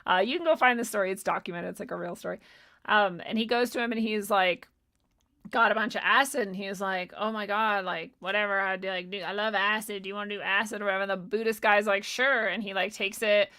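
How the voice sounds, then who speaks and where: Gravelly, bright-voiced woman streamer. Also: medium pitch, quick pace. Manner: profane, laughing, animated storytelling. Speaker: livestream host answering chat. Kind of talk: casual livestream chat.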